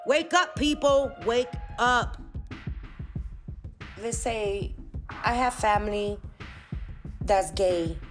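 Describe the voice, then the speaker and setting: A woman's voice: a little high, extremely slow, long pauses, faint music behind. A woman in her forties giving a heated, profane opinion rant as a vlogger, dropping in Spanish words. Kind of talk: ranting opinion monologue.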